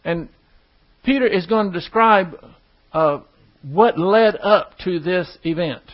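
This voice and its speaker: A man's voice: sits high, slow pace, highs cut off. A man preaching a sermon. He reads verses aloud and explains them in plain, conversational asides.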